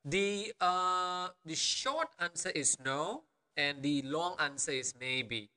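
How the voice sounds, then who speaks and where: A man's voice: a little high, lively intonation, slow pace, bright, forceful tone, clear, resonant tone, big-room sound. A man from Bali, a language teacher who speaks patiently and keeps checking in with the listener. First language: Balinese. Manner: patient, repetitive, checks in with "okay?". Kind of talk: language lesson narration.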